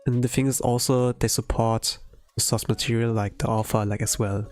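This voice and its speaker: Drawing on his livestream, this streamer talks casually in a mid-range, a little mellow voice with a steady tone and normal speed. Faint music sits in the background as he rambles, using "like" and "um" constantly.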